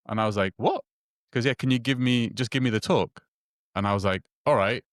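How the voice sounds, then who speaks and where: A man's voice: lowish voice, lively intonation, dry recording, clean studio sound. A man telling a long personal story in casual conversation, stumbling over restarts and repeated words and acting out the dialogue. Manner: halting, many restarts and repeated words, acts out quoted dialogue.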